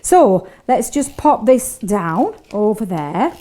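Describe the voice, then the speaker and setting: A woman chatting warmly and giggling as she demonstrates a craft technique on a live show. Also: mid-range voice, big pitch swings, slow. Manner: chatty, giggly, talks to co-host while working. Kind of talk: live craft shopping demo chat.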